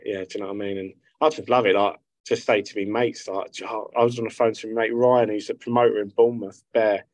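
A man's voice: fairly low pitch, little pitch movement, quick pace, darkish tone, no room sound, low-quality recording. A man, chatting casually as a guest musician, rambling and swearing freely. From South London. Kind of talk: casual interview chat.

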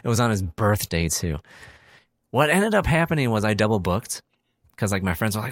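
Low-voiced man telling lively stories. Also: fairly quick, dry recording, studio quality. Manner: animated storyteller, acts out friends' lines. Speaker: podcast co-host. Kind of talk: casual chat.

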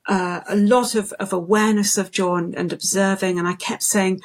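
A woman, a singing voice specialist, talking as a guest in an interview, thoughtful and unhurried, telling stories with many restarts. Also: medium pitch, steady tone. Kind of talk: conversational interview.

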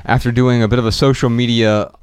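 A man's voice: medium pitch, level tone, fast, smooth, dry recording, studio quality. A man co-hosting a podcast in easygoing, jokey chat. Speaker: podcast co-host.

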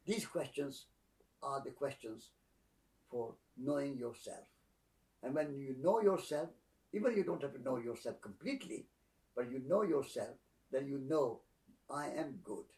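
Soft-spoken man teaching from afar. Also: medium pitch, animated, distant mic. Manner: slow, soft-spoken, repeating phrases like a litany. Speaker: spiritual teacher. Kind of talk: calm reflective teaching.

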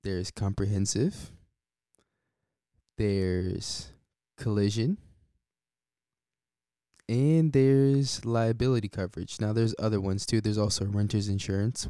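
A man hosts his podcast in a relaxed, unhurried way, often breaking into a short chuckle. His voice sits low and comes through smooth and resonant. The sound is dry and close, with no room in it. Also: no echo. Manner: laid-back, chuckles often between points. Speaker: podcast host. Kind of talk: casual solo podcast talk.

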